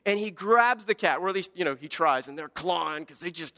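A man preaching a sermon as a pastor, animated and swinging between loud emphatic peaks and quiet asides. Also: high-pitched, fairly quick, few pauses. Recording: long hall reverb.

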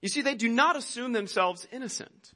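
A man's voice: very high-pitched, expressive, a little fast, pushed and bright. A man preaching a sermon, earnest and conversational, often repeating words as he goes. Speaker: pastor. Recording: long hall reverb.

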